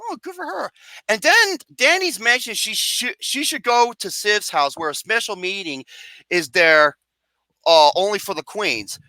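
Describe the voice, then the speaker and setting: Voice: mid-range voice, lively intonation, measured pace, sharp tone, no echo. A film reviewer ranting profanely and acting out scenes with mock wails and singing.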